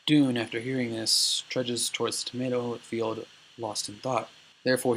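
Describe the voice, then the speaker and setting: A man's voice: mid-range voice, a bit bright, a little hiss or hum, low-quality recording. A man casually summarizing a book chapter in informal, filler-heavy speech. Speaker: narrator retelling a book chapter.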